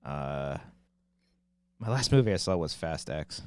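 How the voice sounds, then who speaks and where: A man's voice: rumbling low, big pitch swings, measured pace, darkish tone, clear, resonant tone, no room sound. A man in his thirties co-hosting a podcast, chatting loosely, joking and swearing freely. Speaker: podcast co-host. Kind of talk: casual chat.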